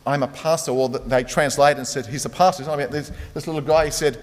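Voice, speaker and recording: A pastor preaches a sermon in a large hall, his slightly high voice quick-paced with fairly even intonation. He tells stories conversationally, using lots of fillers.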